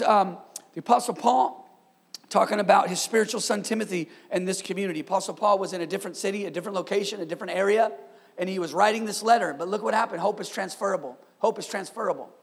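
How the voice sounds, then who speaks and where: A man, a pastor, preaching a sermon with energetic call-and-response and street slang. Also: sits high, creaky, husky, long reverb tail.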